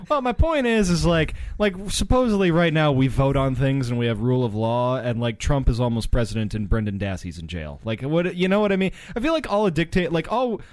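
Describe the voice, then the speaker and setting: Young man, comedy podcast co-host, rambling, laughing, lively pitch. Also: a little fast, hardly any pauses, no echo. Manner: rambling, laughs often, restarts. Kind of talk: casual comedy chat.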